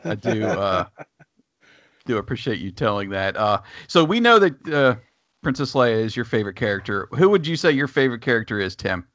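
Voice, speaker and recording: A man's voice: medium pitch, very animated, a little fast, a bit bright, dry recording, lo-fi sound. Easygoing man hosting a chat. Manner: easygoing, hesitant with fillers. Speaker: podcast host. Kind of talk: casual chat.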